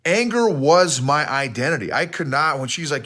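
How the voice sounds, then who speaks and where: A middle-aged man with a folksy, animated manner, talking to a phone camera outdoors in the snow and often restarting his words. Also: a little high, normal speed, few pauses. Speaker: leadership coach and podcast host. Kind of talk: casual outdoor talk to camera.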